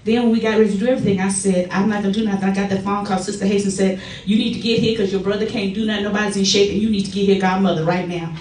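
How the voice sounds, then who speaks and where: A middle-aged woman giving a personal testimony at a church service, telling stories in a lively way and acting out the quotes. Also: mid-range voice, very fast, few pauses, slight background noise. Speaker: church member giving a tribute. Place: church sanctuary. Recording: echoey church from far off.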